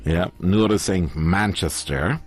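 Male radio host with a low-ish voice, loose and chatty, quick to laugh. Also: husky, faint music behind. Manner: chatty, laughs easily, reads listener messages. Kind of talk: casual radio chat.

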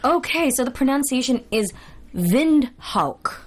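Lively, teasing woman co-host. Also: medium pitch. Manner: lively, teasing, quick interjections. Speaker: radio show co-host. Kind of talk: casual radio chat.

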